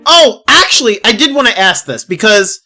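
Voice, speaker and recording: A man's voice: high-pitched, sing-song, normal speed, pushed and bright. A man streaming a video game live, talking casually, laughing often and swearing as he rambles over the play. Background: game music.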